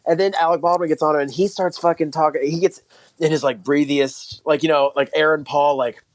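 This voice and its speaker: A man's voice: a little high, steady tone. A man co-hosting a podcast, telling rambling stories full of restarts and swearing. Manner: rambling, halting, profane storytelling. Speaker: podcast co-host. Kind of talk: casual podcast chat.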